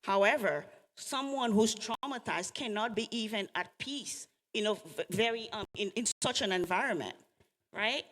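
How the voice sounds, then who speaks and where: A woman's voice: mid-range voice, lively intonation, moderate pace, fairly bright tone. A woman giving an earnest talk on trauma to a live audience, coaching them and asking them questions. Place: event hall with an audience. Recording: long hall reverb.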